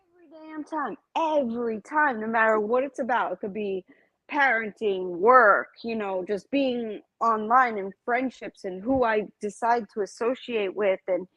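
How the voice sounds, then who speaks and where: Sharp-tongued woman guest, dry sound. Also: fairly high pitch, a little slow, dry recording, low-quality recording. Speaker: stream guest. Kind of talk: casual chat.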